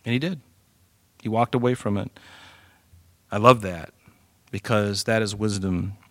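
A man preaching a sermon, lively and animated, swinging from loud emphasis to hushed asides. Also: fairly low pitch, unhurried, long pauses, no room sound, clean studio sound. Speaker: pastor.

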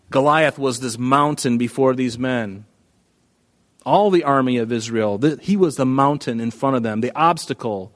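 A man preaching a sermon, emphatic, rising to loud peaks when he quotes scripture. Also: mid-range voice, moderate pace.

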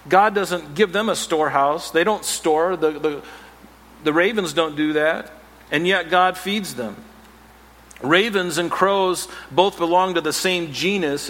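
A male pastor preaching a sermon, animated, with playful asides and self-mocking humor. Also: a little high, long reverb tail.

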